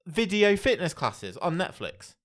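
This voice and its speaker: This co-host's voice is high, very animated and fairly bright, though his pace stays measured. He reads entertainment news on a casual, chatty podcast.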